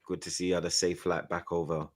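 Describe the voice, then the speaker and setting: A man's voice: sits low, flat delivery, quick pace. A man hosting a casual live-stream football chat, heavy on slang and tag questions. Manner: London slang-heavy, says 'blood' and 'you get me' often. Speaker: host.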